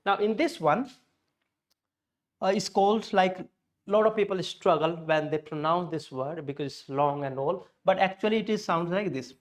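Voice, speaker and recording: A man's voice: high voice, moderate pace. A man with an Indian English accent teaching a pronunciation lesson, explaining patiently and often correcting himself mid-sentence.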